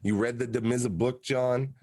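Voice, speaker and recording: A man's voice: mid-range voice, fairly even intonation, normal speed, darkish tone, dry recording. A man hosting a podcast in casual chat, emphatic and swearing freely. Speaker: podcast host.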